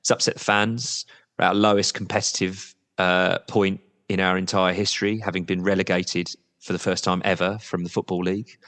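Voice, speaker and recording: A man's voice: sits low, level tone, brisk, a bit bright, big-room sound. A man representing a football supporters' trust as a podcast guest, talking candidly and at length, with the odd blunt swear word.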